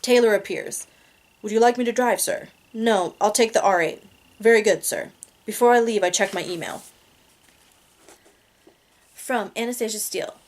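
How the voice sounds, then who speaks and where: A woman's voice: mid-range voice, normal speed, long pauses. A woman reading a romance novel aloud in a casual amateur way, laughing at her own slips. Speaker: reader.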